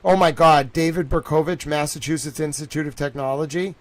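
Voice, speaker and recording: Young man, live streamer at home, excitable, rambling, slightly high voice. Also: a little fast. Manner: excitable, repeats himself, says "bro" and "like" a lot.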